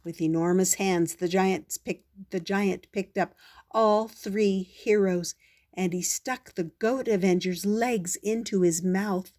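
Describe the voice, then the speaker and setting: Slow-reading older grandmother. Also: medium pitch. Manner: slow, gentle storybook reading. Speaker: storyteller grandmother. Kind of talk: reading a children's book aloud.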